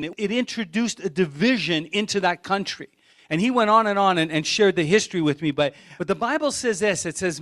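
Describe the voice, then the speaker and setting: A man's voice: high voice, a bit bright. A middle-aged man pastor preaching a sermon in a conversational, storytelling way, wandering off into side stories.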